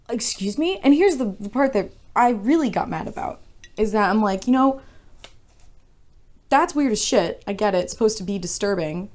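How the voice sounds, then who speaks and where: A woman's voice: mid-range voice, darkish tone. A young woman casually ranting about a book she reviews, frank and exasperated, swearing freely and rambling.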